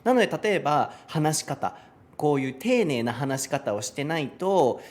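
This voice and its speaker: A man hosting a casual conversation lesson, thinking aloud with frequent pauses and fillers as he searches for words. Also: a little high, sing-song, a little mellow. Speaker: host of an English conversation lesson. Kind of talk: casual unscripted conversation in English and Japanese.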